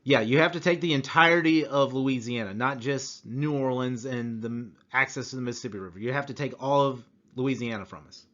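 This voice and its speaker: Brief: firm, matter-of-fact negotiators, played by a man in a lower voice, lo-fi sound. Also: a little fast, few pauses, fairly bright tone, close to an everyday voice. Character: blunt French negotiators, men.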